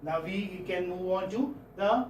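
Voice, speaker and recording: A man with an Indian English accent giving a classroom phonetics lecture, halting and often checking in with students. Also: sits high, a little hiss or hum. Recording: roomy classroom audio from far off.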